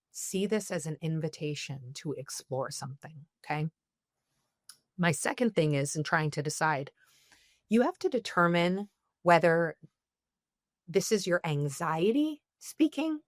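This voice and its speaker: A woman's voice: deep voice, dry recording, studio quality. A woman speaking as a therapist guest on a podcast, giving earnest advice and checking in with "okay?" often.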